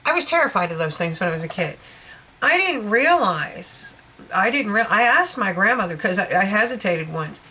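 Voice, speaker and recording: A woman's voice: mid-range voice, big pitch swings, moderate pace, sharp tone. A woman giving a casual, rambling tarot reading, often checking in with her listener and laughing. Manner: rambling, chatty, with frequent check-ins and laughs. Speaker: tarot reader.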